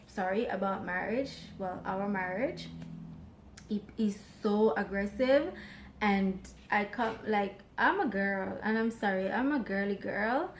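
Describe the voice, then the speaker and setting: A woman's voice: mid-range voice, measured pace, slight background noise. A woman chatting playfully with her husband about their marriage, talking freely and laughing often. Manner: self-described loud mouth. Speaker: co-host, wife. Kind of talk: casual chat about marriage.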